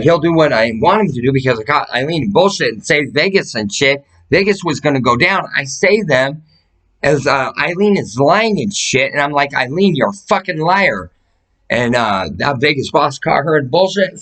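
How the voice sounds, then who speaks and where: A man's voice: a little high, fairly bright tone, poor audio. A man talks straight to the camera in a long, rambling rant. He swears constantly, pleads urgently and jumps between subjects. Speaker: vlogger.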